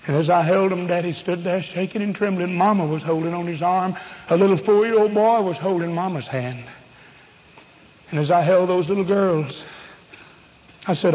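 A man preaching an evangelistic sermon, fervent and pleading, swinging from loud calls to hushed appeals. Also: sits high, normal speed, big-room sound, dull audio.

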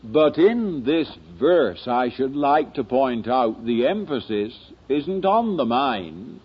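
Man, sermon, slow oratory, husky, dull old recording. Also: mid-range voice, expressive. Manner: slow, dramatic oratory with rising emphasis. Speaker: preacher.

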